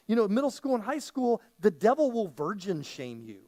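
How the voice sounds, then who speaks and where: Animated, high-voiced preaching man. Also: normal speed. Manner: conversational, animated preaching with repetitions and quoted voices. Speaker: pastor. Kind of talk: sermon. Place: church sanctuary.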